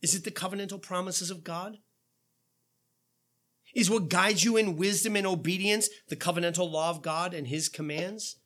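A man's voice: high-pitched, fairly even intonation, normal speed, fairly bright tone. A man preaching a sermon as pastor, earnest and full of rhetorical questions. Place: church.

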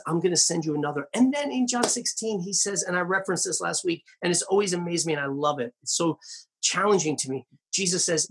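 A male pastor preaching a sermon in an earnest, emphatic way, with wry asides, slowing down and dropping low on key phrases. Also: fairly bright tone, husky.

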